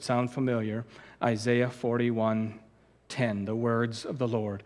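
A man's voice: medium pitch, level tone, slow pace, darkish tone, long reverb tail. A man preaching a sermon, emphatic and earnest, repeating words as he presses his points and rising to sudden outbursts. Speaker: pastor.

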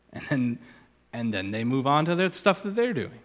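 Conversational pastor preaching in an echoing hall. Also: male voice, mid-range voice, sing-song, moderate pace. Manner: conversational, digressive, trails off into asides. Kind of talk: sermon.

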